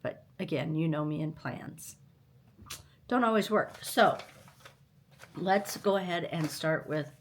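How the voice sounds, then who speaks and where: An older woman chats to her vlog audience from home in a low, unhurried voice. She is tired and still recovering from illness. Her talk rambles casually from one thing to the next. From United States. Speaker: stitching channel host.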